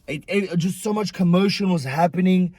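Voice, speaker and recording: Husky, high-voiced young man telling a story. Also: moderate pace, no echo. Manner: animated, profane, slangy storytelling. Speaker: vlogger. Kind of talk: storytime vlog.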